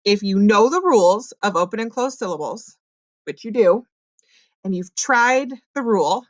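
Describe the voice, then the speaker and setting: A woman's voice: mid-range voice, animated, no echo. Patient woman teaching phonics. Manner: patient, explains step by step, sounds out words slowly. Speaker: reading teacher. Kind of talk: classroom phonics lesson.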